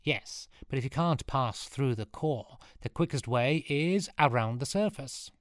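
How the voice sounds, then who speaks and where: A man's voice: mid-range voice, measured pace, no room sound, clean studio sound, voice pushed up, close to an everyday voice. A man voicing a small, cheeky boy who teases in a mocking way. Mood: teasing. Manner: teasing, cheeky.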